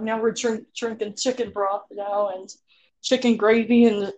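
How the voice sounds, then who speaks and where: A woman co-hosting a casual podcast chat, giggling often and filling pauses with um and like. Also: fairly high pitch, fairly even intonation, a little mellow. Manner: giggly, drawn-out, lots of fillers. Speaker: podcast co-host.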